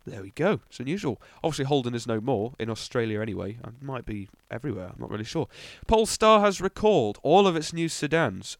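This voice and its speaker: A man's voice: mid-range voice, no room sound. A young man hosting a casual car news podcast, rambling with ums and little asides. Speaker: podcast host.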